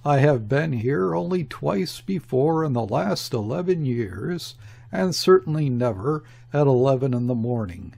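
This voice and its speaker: A man reading the part of a weary, annoyed secret agent with a sombre, husky voice. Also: mid-range voice, lively intonation, measured pace, a little mellow. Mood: sullen. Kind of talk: audiobook character reading.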